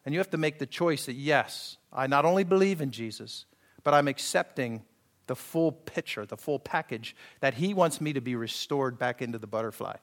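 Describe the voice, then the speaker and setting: A man's voice: mid-range voice, expressive, normal speed. A man pastor preaching a sermon in a conversational way, acting out quoted voices and asking his listeners if they follow. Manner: conversational preaching, acts out quoted voices, asks the congregation for agreement.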